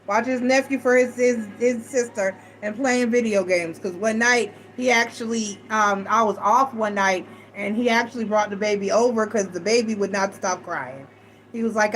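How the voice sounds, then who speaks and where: A middle-aged woman telling personal stories to a live chat, animated and acting out what others said. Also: mid-range voice, normal speed, rough recording. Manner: animated, acts out quoted voices, frequent self-restarts. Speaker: tarot reader and live chat host. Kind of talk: casual storytelling to a live chat.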